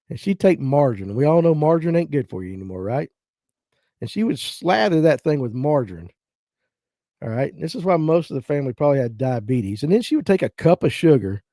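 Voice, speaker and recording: A man's voice: a little high, mellow, dry recording, studio quality. Folksy North Georgia man telling stories. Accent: Southern US, North Georgia. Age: 50s. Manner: folksy storytelling, acts out relatives' voices. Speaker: livestream host. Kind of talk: casual chat reading viewer comments.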